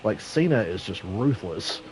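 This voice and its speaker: A man streaming an online racing game, chatting casually and telling a story in a profane, animated way. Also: fairly low pitch, measured pace, slight background noise, low-quality recording. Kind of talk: casual gaming stream chat.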